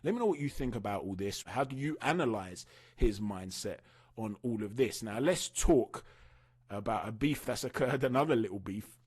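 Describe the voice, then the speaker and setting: Male host, husky tone, chatty and opinionated in casual fight-news commentary. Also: fairly low pitch, lively intonation, moderate pace. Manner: chatty, opinionated, asks viewers for their views. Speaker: boxing channel host.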